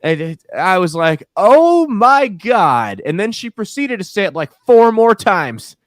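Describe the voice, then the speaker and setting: A man co-hosting a casual podcast, telling animated, profane stories full of restarts. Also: sits high, normal speed, clean tone, no room sound, clean studio sound. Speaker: podcast co-host.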